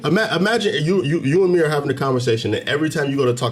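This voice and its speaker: A man's voice: on the high side, sing-song, very fast, hardly any pauses. Fired-up man preaching to camera. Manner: preachy, emphatic, rising to loud heated peaks. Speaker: commentary channel host. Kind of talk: direct-to-camera commentary rant. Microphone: camera mic, facing camera.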